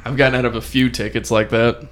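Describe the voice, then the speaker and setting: A man's voice: mid-range voice, flat delivery, quick pace, a bit bright. A man co-hosting a podcast, telling stories casually with many fillers. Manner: rambling storyteller, many "uh" fillers. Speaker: podcast co-host. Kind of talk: casual chat.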